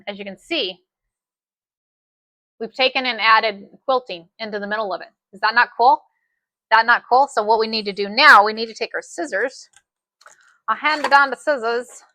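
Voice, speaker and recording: A woman's voice: on the high side, pushed and bright, dry recording. A woman teaching a live sewing tutorial, chatty and folksy, often saying "y'all.". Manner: chatty, says "y'all" a lot. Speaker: sewing instructor.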